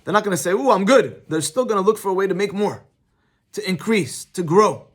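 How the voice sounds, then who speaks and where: A middle-aged rabbi teaches a casual Torah class in a fairly high voice, speaking fairly quickly. He shifts easily between the text and his own anecdotes, animated and conversational as if chatting with the room.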